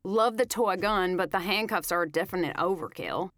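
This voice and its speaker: A woman reading an audiobook, voicing a startled young bride who gasps and squeaks her words. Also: normal speed, a bit bright, no room sound, clean studio sound, lightly acted. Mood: alarmed, pleading. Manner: breathless, squeaking pleas.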